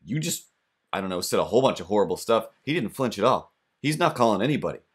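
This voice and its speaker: Low-voiced rambling podcast host. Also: male voice, big pitch swings, very fast, breathy edge. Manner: rambling, self-deprecating. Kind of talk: comic storytelling monologue.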